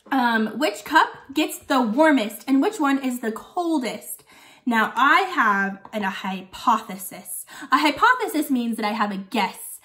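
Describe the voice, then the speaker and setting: A woman's voice: high voice, a bit bright. A woman voicing a forgetful old lady who teaches young children, chatting while chewing candy. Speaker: guest teacher for a kindergarten class. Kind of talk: playful video lesson for young children.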